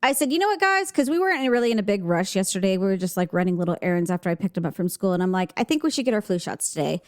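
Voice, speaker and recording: A woman co-hosting a podcast in casual chat, an animated storyteller who acts out family dialogue and laughs often. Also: lowish voice, very fast. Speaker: podcast co-host.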